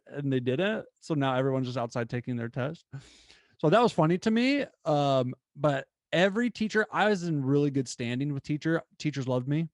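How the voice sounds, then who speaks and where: A young man hosting his own show, telling a story in an animated, casual way with lots of fillers. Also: fairly high pitch, brisk, no echo, clean studio sound. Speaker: podcast host.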